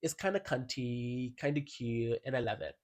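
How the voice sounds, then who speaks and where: A man's voice: mid-range voice, normal speed. A man in a casual album review vlog, talking in a sassy, slangy and emphatic way and now and then reading song lyrics aloud. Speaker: music commentator.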